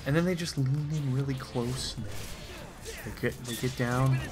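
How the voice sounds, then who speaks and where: A man's voice: medium pitch, unhurried. A man from the United States giving a sarcastic, profane, rambling comedic reading. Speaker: comedy commentator.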